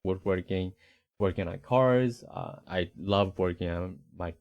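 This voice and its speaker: Low-voiced man with a slight Rhode Island accent. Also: unhurried, darkish tone, dry recording, highs cut off. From Northeastern United States. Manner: easygoing, rambling, many fillers and restarts. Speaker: podcast co-host. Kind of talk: casual conversational podcast chat.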